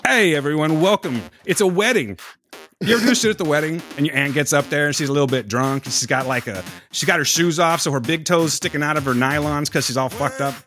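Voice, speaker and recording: A man's voice: fairly high pitch, fast, soft background music. A man hosting a podcast, introducing guests with jokes in casual chat. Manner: joking, lively introductions. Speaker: podcast host.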